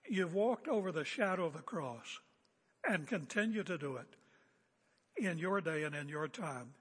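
A man's voice: high-pitched, a bit bright, slightly rough. A man preaching a sermon as a pastor, emphatic and confrontational, hammering home repeated phrases. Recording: echoey hall with long reverb.

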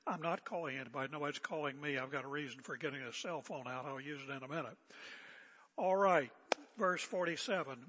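A man's voice: a little high, brisk, bright, forceful tone, big-room sound. An older man preaching an expository sermon as pastor, conversational and emphatic with joking asides.

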